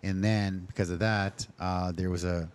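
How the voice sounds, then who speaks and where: This is a restaurant owner chatting on a podcast in a very deep voice. He rambles through his stories with plenty of restarts and fillers. He slips into other people's voices whenever he quotes them. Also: flat delivery, moderate pace, clear, resonant tone. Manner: chatty storyteller who acts out quoted speech. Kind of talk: casual interview chat.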